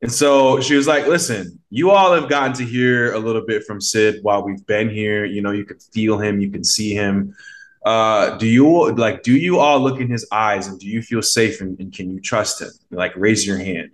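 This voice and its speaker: A man with a fairly low voice chats as a podcast guest, a mindset coach who tells his story in a loose, meandering way. He leans on fillers and slips into quoted voices as he goes. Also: normal speed. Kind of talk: casual conversational storytelling.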